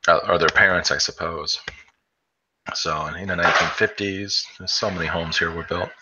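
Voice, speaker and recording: A man's voice: deep voice, normal speed. A man from the area, chatting casually on a stream and rambling with many fillers and restarts. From Chicago area, US. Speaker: stream co-host. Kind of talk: casual chat. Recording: dull lo-fi with steady noise.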